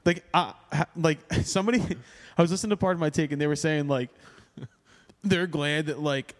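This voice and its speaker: Guy with kinda high voice, animated podcast chat, swears a lot, echoey reverb room. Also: moderate pace. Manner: animated, swearing, lots of fillers. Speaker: podcast co-host. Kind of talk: casual chat.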